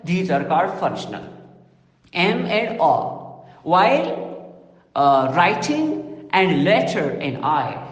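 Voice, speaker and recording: A man giving a recorded lecture, explaining slowly and deliberately and correcting himself as he goes. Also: a little high. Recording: roomy echo with long reverb.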